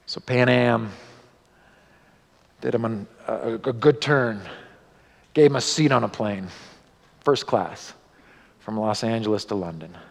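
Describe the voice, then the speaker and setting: A male pastor telling a story in a sermon, animated, his voice rising and dropping for drama. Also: medium pitch, gravelly. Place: church sanctuary. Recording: long church hall reverb.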